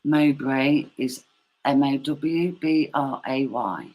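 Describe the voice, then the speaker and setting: A woman's voice: a bass voice, takes it slowly, muffled recording. A woman with an English Midlands accent in a casual chat, spelling words out patiently and laughing often. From England.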